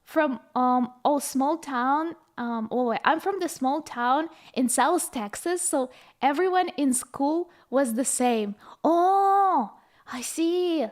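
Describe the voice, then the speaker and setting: A woman's voice: sits high, slow pace. A young woman from Ukraine, chatting casually on a live stream, telling stories, reading chat aloud and laughing often.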